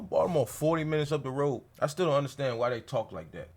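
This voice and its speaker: A man's voice: on the high side, quick pace, few pauses. Profane rambling man. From Maryland near Washington DC. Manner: rambling, profane, slangy banter. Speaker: streamer reacting to videos. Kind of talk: casual reaction commentary.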